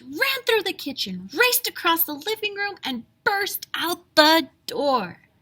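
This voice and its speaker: A woman teacher reading a storybook aloud to young children, animated, with whispered asides. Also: sits high.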